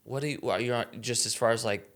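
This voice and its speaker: A man's voice: medium pitch, fairly even intonation, fast talker, a bit bright. A man hosting a podcast who asks his guest probing questions in a conversational way. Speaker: podcast host. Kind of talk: casual interview chat.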